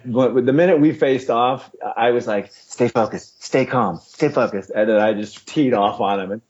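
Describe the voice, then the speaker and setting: A man's voice: mid-range voice, moderate pace. A middle-aged man, a retired fighter, chatting as a guest and animatedly acting out quotes as he tells his stories. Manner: animated storyteller, acts out quotes, laughs often. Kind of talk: casual interview chat. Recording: dull lo-fi podcast audio.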